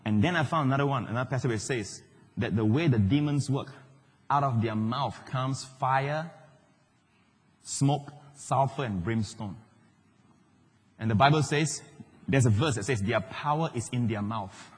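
Middle-aged man preaching, loud then hushed, slightly husky, recorded live in a big echoing church. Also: mid-range voice, moderate pace, pauses often. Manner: animated preaching, swings between loud and hushed. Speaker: pastor. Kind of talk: sermon. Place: large church hall. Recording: live church hall with long reverb.

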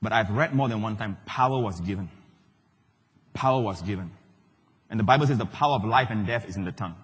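Middle-aged male pastor, lively sermon, husky voice, long church-hall reverb. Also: on the low side. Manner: animated preaching, swings between loud and hushed.

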